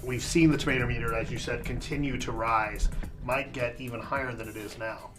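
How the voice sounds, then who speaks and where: A man with an average-pitched voice talks through critics' views on a film. His tone stays conversational and leans into emphasis, with faint music underneath. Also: steady tone, fairly quick. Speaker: film review show co-host. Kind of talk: casual review discussion.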